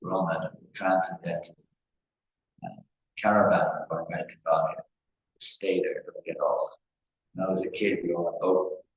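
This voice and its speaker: Deep-voiced man teaching in an echoey hall. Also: flat delivery, normal speed, vocal fry, long pauses. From England. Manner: rambling storytelling with repeated phrases. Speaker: spiritual teacher. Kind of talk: devotional discourse. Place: temple hall. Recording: echoey hall with faint noise.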